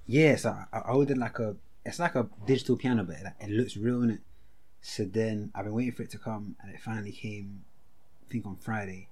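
A man's voice: fairly low pitch, steady tone, darkish tone, husky. A young man, co-hosting a podcast in casual, teasing chat over a video call. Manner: teasing, quick, breaks into laughter. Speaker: podcast co-host.

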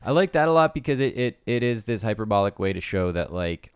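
Deep-voiced man reading and chatting. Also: big pitch swings, a little fast, clear, resonant tone, no echo, clean studio sound. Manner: rambling, self-deprecating, many fillers and restarts. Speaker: podcast co-host. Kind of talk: casual chat and reading a script aloud.

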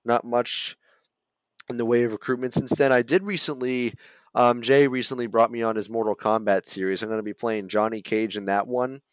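A male voice actor chatting casually as a podcast guest, relaxed and rambling. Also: medium pitch, moderate pace, dry recording. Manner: relaxed, rambling, full of fillers and restarts.

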